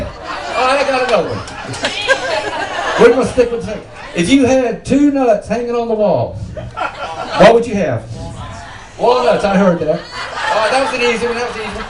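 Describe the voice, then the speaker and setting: A man telling dirty jokes to a small group, laughing at them himself and quizzing his listeners. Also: extremely high pitch. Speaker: joke teller. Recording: roomy, far from the mic, faint ambience.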